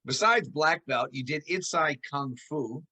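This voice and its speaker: Male interview host, bright forceful tone, fairly high voice, casual and conversational. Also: measured pace. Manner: conversational, prompts with recollections.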